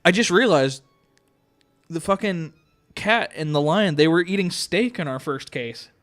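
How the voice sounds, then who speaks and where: A man's voice: fairly high pitch, expressive, measured pace, fairly bright tone, soft background music. A man streaming a game live, commenting casually with frequent swearing and laughter.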